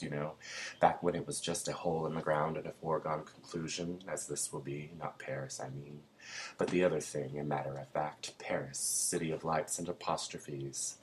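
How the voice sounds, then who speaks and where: A man reading a literary text aloud in a measured, deadpan way. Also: rumbling low, slight background noise, poor audio. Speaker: reader.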